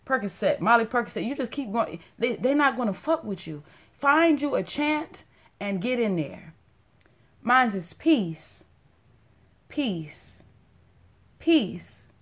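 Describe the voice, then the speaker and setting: A woman hosting a live stream in casual spiritual talk, blunt and profane, joking with viewers and repeating words softly. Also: a little high, sing-song, a little slow.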